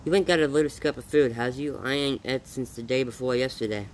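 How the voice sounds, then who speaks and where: A weary drifter, hungry and grateful, answers in humble rural talk, read by a man. His voice sits at an ordinary middle pitch for a storybook reading. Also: brisk, a little hiss or hum, lightly acted, rough recording. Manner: folksy rural speech, eager and polite.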